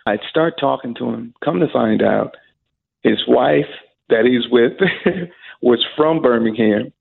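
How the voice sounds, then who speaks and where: A man's voice: medium pitch, unhurried, vocal fry, breathy edge. A middle-aged man from Alabama, an interview guest telling stories and acting out the people he quotes. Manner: animated storyteller who acts out the voices of people he quotes. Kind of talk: casual storytelling. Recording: narrow phone-like sound.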